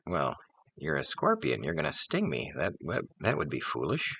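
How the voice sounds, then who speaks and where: A man voicing a wary male frog who pleads in a high, anxious voice. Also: huge pitch swings, moderate pace, gravelly, bright, forceful tone, slightly rough, no echo, heavily acted.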